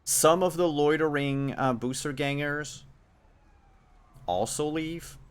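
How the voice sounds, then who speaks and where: A man narrating as game master of a tabletop game, measured and thinking aloud with frequent ums. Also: a little high, clean tone.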